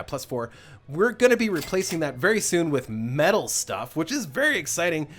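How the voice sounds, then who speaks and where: Man rambling over a game, lively pitch. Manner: thinking aloud, rambling, self-correcting. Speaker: gameplay channel host. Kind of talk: let's play commentary.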